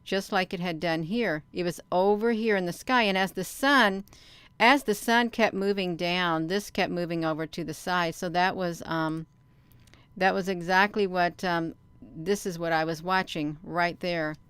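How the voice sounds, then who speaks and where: A woman with a low, very smooth and resonant voice talks casually to her viewers about her footage. She rambles and stops herself often, full of fillers and restarts. The sound is dry and close, with no room around it. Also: unhurried, a bit bright, no echo. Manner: talks straight to viewers as "you all". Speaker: vlogger. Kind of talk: casual commentary while showing her own sky footage.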